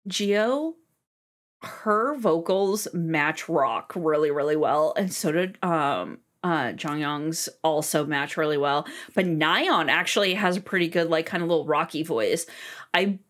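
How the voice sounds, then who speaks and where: A woman's voice: deep voice, measured pace, fairly bright tone. A woman hosting a music reaction video, talking casually and exclaiming and swearing in surprise. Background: faint music playing.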